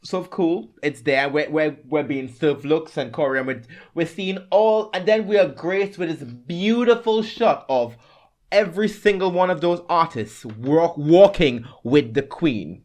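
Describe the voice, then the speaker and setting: Animated gushing man, lively pitch. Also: unhurried. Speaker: podcast co-host. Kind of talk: casual chat.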